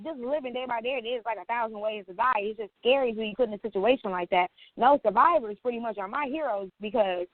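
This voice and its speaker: A woman with a slightly high voice co-hosting a casual podcast. She talks in a slangy, easy way and teases her co-host. The audio is thin and phone-like, and completely dry. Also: no echo. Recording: tinny phone-line sound, dry.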